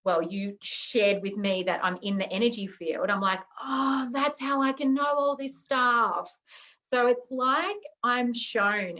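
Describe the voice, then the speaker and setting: A woman's voice: a little high, a bit bright, muffled recording. A woman guest, a naturopath, explaining her healing work in a casual interview over a video call, earnest and searching for words. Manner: earnest, searching, many fillers.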